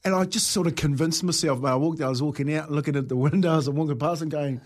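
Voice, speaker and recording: A man's voice: on the high side, fast talker. A middle-aged man co-hosting breakfast radio, telling rambling, laugh-filled stories and saying "mate" a lot. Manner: rambling storyteller, laughs often, says "mate". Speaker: radio co-host. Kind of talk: casual breakfast radio banter.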